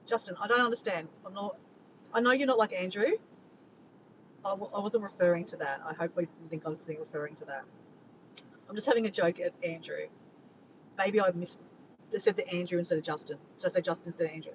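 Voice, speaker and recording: Speaking briskly but pausing often, an Australian woman chats with her livestream audience, cracks jokes, and reads their messages aloud. The audio is dull and lo-fi, with a faint rumble.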